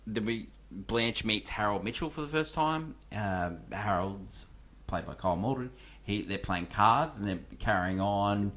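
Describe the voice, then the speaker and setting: Low-voiced man chatting about films. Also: animated, measured pace, a bit bright. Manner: rambling, many fillers and restarts. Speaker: podcast co-host. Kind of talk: casual film discussion.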